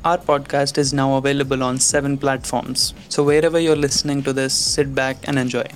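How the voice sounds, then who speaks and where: A podcast host chatting casually with a guest, excitable and quick to laugh. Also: medium pitch, soft background music. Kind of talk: casual chat.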